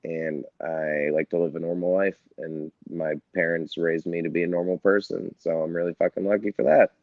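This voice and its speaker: Man, 30s, from New York, low voice, dry lo-fi sound, casual profane rambling interview talk. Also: fairly even intonation, moderate pace, no echo. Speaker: interview guest, band member.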